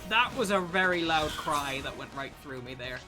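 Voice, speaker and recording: A woman streamer commentating live on a game, with loud, profane outbursts of disbelief. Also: low-pitched, lively intonation, normal speed, music in the background.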